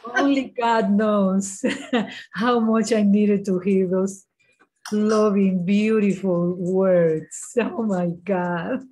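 Woman, slow and breathy, grateful spiritual sharing. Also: medium pitch, fairly even intonation, low-quality recording. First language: Spanish. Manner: slow, warm thanks, soft laughs. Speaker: group member responding.

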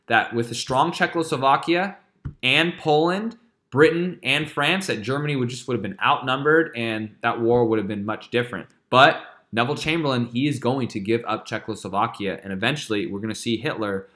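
Casual, bright-voiced male history teacher who checks in often as he lectures. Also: mid-range voice, normal speed. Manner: casual and chatty, with frequent check-ins.

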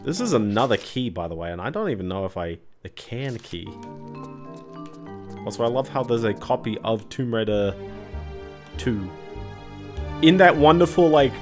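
A man's voice: medium pitch, sing-song, normal speed, pauses often, over music. A man streaming a video game, talking casually and thinking aloud as he plays. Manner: rambling, thinking aloud while playing. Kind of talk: casual gameplay commentary.

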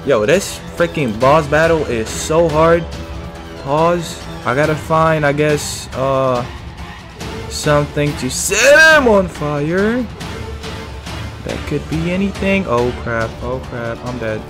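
A young man giving panicky let's-play commentary on a horror game, yelping and shouting when scared. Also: on the high side, animated, takes it slowly. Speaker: gaming streamer. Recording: game music playing loudly behind.

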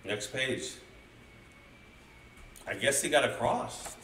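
A man's voice: mid-range voice, lively intonation, takes it slowly, pushed and bright, distant mic, a little hiss or hum. A man reading a children's picture book aloud to his stream chat, swearing often and riffing on the story with gamer slang. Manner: crude, rambling, swears a lot, mixes gamer slang into the story. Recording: roomy echo, speaker drifting from mic.

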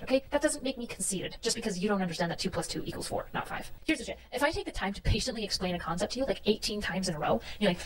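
A woman's voice: on the high side, lively intonation, rapid-fire, hardly any pauses. A woman streamer ranting in an exasperated, profane, lecturing way. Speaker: livestreamer. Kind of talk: heated stream rant. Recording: distant mic with faint room noise.

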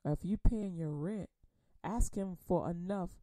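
A woman with a lowish, mellow voice leads a Bible study for a radio program. Her style is conversational preaching with repeated words and folksy phrases, followed by slow, emphatic scripture reading. The recording is dry.

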